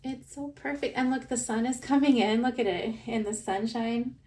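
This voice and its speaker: A woman unboxing plush toys in a casual vlog, gushing with excitement and often laughing. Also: a little high, moderate pace. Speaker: plush toy reviewer. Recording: voice a bit far from the mic.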